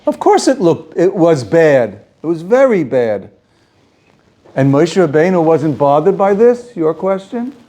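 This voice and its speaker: A man teaching a Torah class as a rabbi, animated and rhetorical, asking questions and repeating phrases for emphasis. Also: on the high side, measured pace. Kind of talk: Torah lecture to students.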